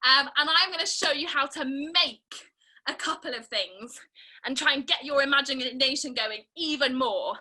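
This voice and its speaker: A woman's voice: sits high, rough recording. A young woman leading an online family theatre and craft session, playful and encouraging as she guides children step by step. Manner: bright, playful and encouraging, speaking slowly to children. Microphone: video call.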